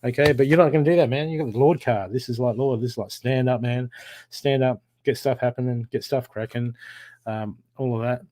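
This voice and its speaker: A man's voice: medium pitch, steady tone, brisk, dark tone. A man doing live tarot card readings, talking in a casual, encouraging way and repeating himself as he gives pep talks. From Australia.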